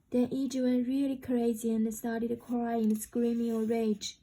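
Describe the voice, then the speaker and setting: A woman reading a novel aloud in steady storytelling narration. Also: a little high, a little slow, few pauses, low-quality recording. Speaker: reader. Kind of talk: audiobook narration.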